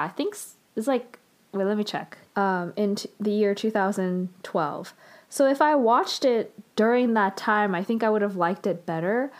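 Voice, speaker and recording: A woman casually recapping and reviewing a TV drama, chatty and full of fillers and restarts. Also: on the high side.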